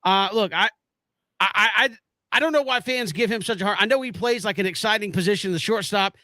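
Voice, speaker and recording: A man co-hosting a casual sports talk show, animated, often stumbling and restarting as he argues his point. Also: high voice, quick pace, dry recording. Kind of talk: casual sports radio chat.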